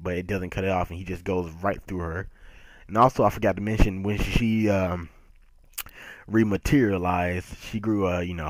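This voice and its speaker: A man giving a casual manga chapter review, animated and emphatic, laughing often. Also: sits low, dry recording.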